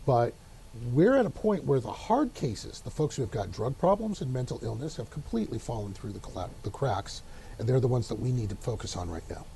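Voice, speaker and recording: A man's voice: medium pitch, sing-song, fairly quick, creaky, warm tone, a little hiss or hum. A man, giving wry, opinionated commentary in a casual talk show discussion. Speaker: local politics commentator.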